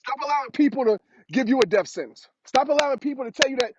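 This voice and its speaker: A man with a very high voice delivers a motivational talk and drives his points home by repeating them. The recording is dull and lo-fi. A steady hiss runs underneath. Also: quick pace. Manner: preachy, repeats phrases for emphasis. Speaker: motivational speaker. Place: outdoors on a road. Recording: dull lo-fi sound with clear hiss.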